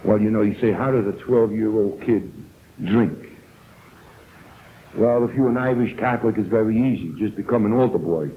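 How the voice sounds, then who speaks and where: A man's voice: lowish voice, moderate pace, a little hiss or hum. An older man with a New York accent, telling his own story earnestly to a recovery meeting and acting out the people he quotes. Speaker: AA speaker. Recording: tinny old tape recording.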